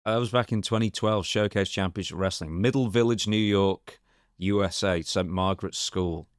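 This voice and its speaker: A man's voice: deep voice, moderate pace, no room sound, studio quality. A man co-hosting a casual chat, giving facts in a matter-of-fact way. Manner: matter-of-fact, gives details. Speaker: co-host.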